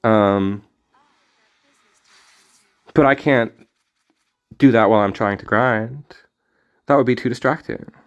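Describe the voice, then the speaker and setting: A man's voice: mid-range voice, slow pace, pauses often, clear, resonant tone, lo-fi sound. A man streaming a card game, rambling in casual commentary with jokey, self-mocking asides.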